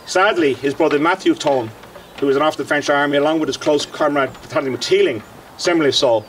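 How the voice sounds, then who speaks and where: A man's voice: a little high, distant mic, a little hiss or hum. A middle-aged Irish man, a historian, delivering a passionate commemorative address outdoors with emphatic lecturing and frequent fillers.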